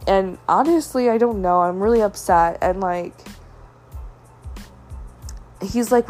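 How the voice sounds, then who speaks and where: A woman's voice: mid-range voice, slow, long pauses, darkish tone, faint music behind. A young woman in her twenties telling a personal story on her podcast, upset and venting, with lots of fillers. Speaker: podcast host.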